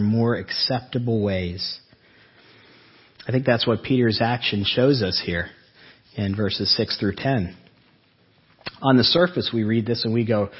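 A male preacher delivers a sermon in a conversational tone, putting questions to his congregation as he goes. His voice has a slightly husky edge and sits in a middle pitch for a man. The recording is dull and lo-fi, with the top end muffled.

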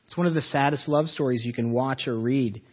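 Husky-voiced man preaching earnestly. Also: mid-range voice, lo-fi sound. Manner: earnest, asks rhetorical questions, slows for emphasis. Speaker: pastor. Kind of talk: sermon.

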